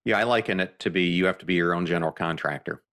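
A man hosting a podcast interview, asking earnest, deliberate questions. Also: sits low, a bit bright. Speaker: podcast host.

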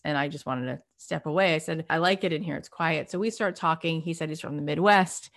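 A middle-aged woman telling a story in an animated, emphatic way in a casual conversation. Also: low-pitched, brisk, few pauses. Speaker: podcast host and guest.

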